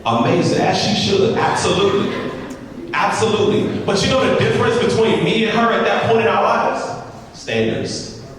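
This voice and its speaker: A man's voice: high voice, big pitch swings, normal speed, distant mic. Humorous man telling a story in an echoey hall. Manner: humorous, repetitive, addresses the crowd directly. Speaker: motivational speaker. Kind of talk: storytelling speech to an audience.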